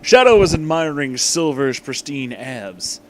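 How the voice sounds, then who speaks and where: A tipsy man reading fan fiction aloud for his channel, with deadpan rambling asides. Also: on the high side, unhurried, slight background noise. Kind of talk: comic dramatic reading.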